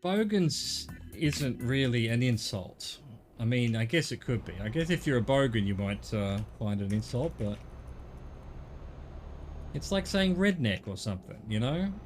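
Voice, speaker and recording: A man's voice: medium pitch, lively intonation, measured pace, a little hiss or hum. A middle-aged man with an Australian accent, streaming a game and chatting casually, rambling and correcting himself as he goes. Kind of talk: casual chat while gaming.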